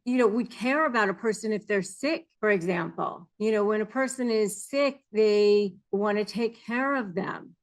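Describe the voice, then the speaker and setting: A woman's voice: mid-range voice, normal speed, hardly any pauses. A middle-aged woman giving earnest advice to camera as a coach, explaining behaviors and mimicking phrases people say. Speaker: narcissism negotiation coach.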